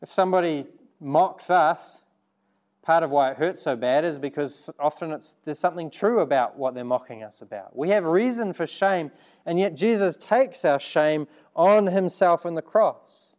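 A man's voice: a little high, lively intonation, normal speed, a little mellow, dull audio. A man preaching a sermon, earnest and conversational, turning to the congregation with asides. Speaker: pastor.

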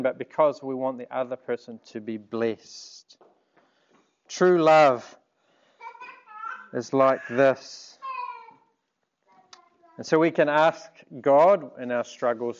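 Earnest preacher man, lo-fi sound. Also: mid-range voice. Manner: earnest, measured preaching with rhetorical questions. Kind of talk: sermon.

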